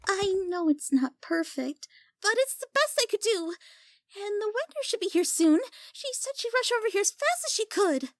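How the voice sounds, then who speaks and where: A woman's voice: very high voice, sing-song, normal speed, no room sound, full character voice. A woman voicing a timid young castle servant who is flustered and eager to please in a fan audio drama.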